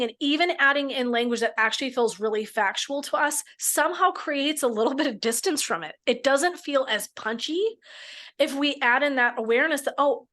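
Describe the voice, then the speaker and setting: A woman's voice: high voice, a bit bright. A middle-aged woman, a midlife coach and therapist, guiding listeners through a mindset exercise in a frank, casual way with the odd swear word. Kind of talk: coaching talk in a podcast.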